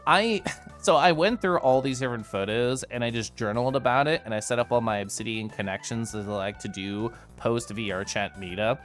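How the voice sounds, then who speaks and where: Tipsy from whiskey earlier, a male streamer recaps his VR chat meetups for livestream viewers, giggly and bubbly, with lots of asides. His voice is medium-pitched and fairly bright, and he talks briskly over faint background music.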